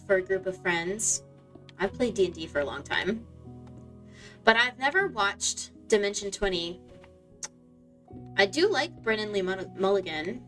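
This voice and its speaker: A woman's voice: mid-range voice, sharp tone. Young woman, casual gaming chatter, wanders off topic constantly, filler-heavy delivery, faint game music underneath. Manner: rambling, loses her train of thought, many fillers. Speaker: streamer. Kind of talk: casual chat while gaming.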